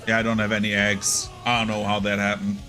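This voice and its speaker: A man's voice: lowish voice, completely flat delivery, a little fast, pushed and bright, faint music behind. A young man casually commenting on his gameplay, rambling and chatty with lots of fillers. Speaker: gaming streamer.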